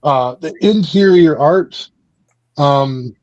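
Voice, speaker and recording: A man's voice: a little high, takes it slowly, a little mellow, dry recording, lo-fi sound. Man rambling through a comic recap. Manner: rambling, frequent fillers and restarts. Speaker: book club podcast host. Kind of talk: casual comic book recap and review.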